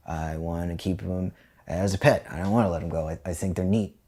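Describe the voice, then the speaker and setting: Young guy in his 20s, low husky voice, swearing a lot, telling his story straight. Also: normal speed. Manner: candid, profane, animated. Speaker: guest. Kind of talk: personal storytelling in a podcast interview.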